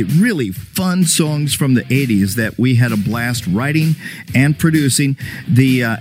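Man, podcast host, chatty, upbeat, slightly high voice, faint background music. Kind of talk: casual radio-style interview.

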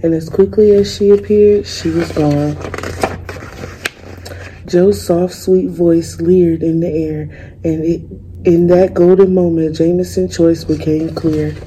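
Young woman, student, reading a children's book aloud, calm measured pace, soft mellow tone, lowish voice. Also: a little hiss or hum, poor audio. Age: young adult. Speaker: student reader.

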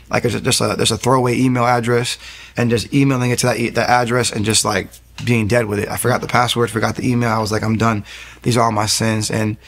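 A man in his thirties with a mid-range, fairly bright voice is the guest in an interview. As a young pastor, he gives an earnest faith testimony in storytelling form, often beginning his sentences again.

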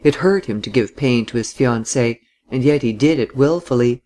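A narrator reading a classic novel aloud in a steady, measured way. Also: mid-range voice.

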